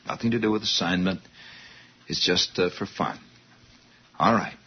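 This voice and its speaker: A strict, grim English teacher lays out brisk, bossy instructions to her class as a man acts her out. The voice is husky and low, and the recording sounds muffled and lo-fi. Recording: dull lo-fi recording.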